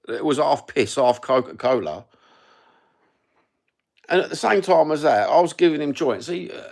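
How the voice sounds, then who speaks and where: Gravelly sweary Cockney man rambling. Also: mid-range voice. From East London, England. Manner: sweary, rambling, matter-of-fact. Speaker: livestreamer. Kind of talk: rambling storytelling.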